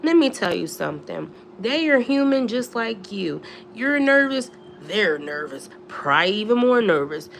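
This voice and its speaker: A young woman from Philadelphia telling a storytime to her viewers in casual chat, animated and chatty, jumping to squeals when she quotes herself. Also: medium pitch, moderate pace, gravelly, slight background noise. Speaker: storytime vlogger.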